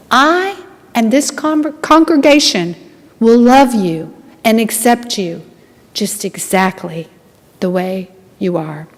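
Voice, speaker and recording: A woman's voice: fairly high pitch, expressive, slow pace. Earnest woman preaching in a reverberant hall. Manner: earnest, dramatic storytelling with acted dialogue. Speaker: lay speaker at a congregation. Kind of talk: storytelling sermon.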